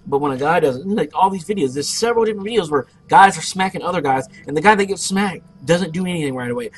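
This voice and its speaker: A young man narrating his online game play, telling a loud, profane story about a fight. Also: fairly high pitch, animated, fast, breathy edge, faint music behind. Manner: brash, profane, boastful storyteller. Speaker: gameplay commentator. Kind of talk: casual let's play storytelling.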